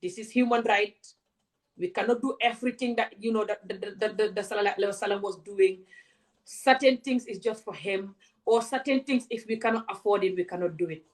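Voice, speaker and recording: A woman speaks straight to her camera. She is passionate and confrontational and fires off one rhetorical question after another. Her pitch sits in the ordinary middle range for a woman. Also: fairly quick. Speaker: vlogger. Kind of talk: direct-to-camera rant.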